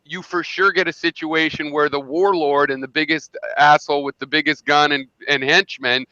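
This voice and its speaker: A man's voice: fairly high pitch, steady tone, normal speed, bright, forceful tone, no echo. A man hosting a political talk, insisting on his point and restarting his sentences as he explains. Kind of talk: political discussion. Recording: dull, dry lo-fi recording.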